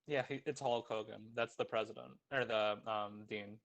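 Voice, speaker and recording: Gravelly voiced guy joking around as a player in a tabletop game, rambly. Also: on the low side, steady tone, normal speed, fairly bright tone, dull audio. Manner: jokey, rambling.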